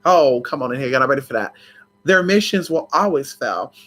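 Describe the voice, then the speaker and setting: A spiritual vlogger chatting casually to viewers in a sassy, dramatic way, swooping up and down in pitch and breaking into laughs and shouts. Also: expressive, fairly quick. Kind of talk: casual livestream chat.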